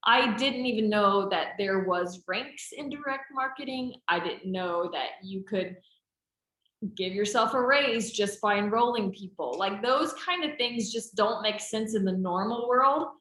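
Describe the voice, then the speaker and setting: A woman's voice: mid-range voice, unhurried, a bit bright. A woman trainer chatting casually, talkative and encouraging as she answers team questions. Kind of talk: casual group chat. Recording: roomy echo.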